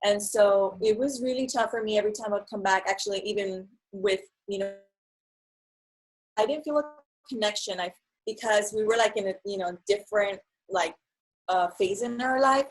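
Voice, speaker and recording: A young woman in casual conversation, telling her story in an animated way and acting out what others said. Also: mid-range voice, moderate pace, low-quality recording. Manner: animated storyteller, acts out quotes. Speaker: guest.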